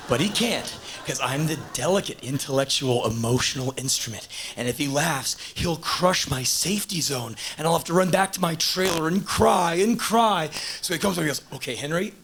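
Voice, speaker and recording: A man, telling stand-up stories on stage and acting out characters with sudden shouts. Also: moderate pace, slight background noise. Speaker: stand-up comedian. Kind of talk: stand-up storytelling. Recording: low-quality VHS tape of a live show.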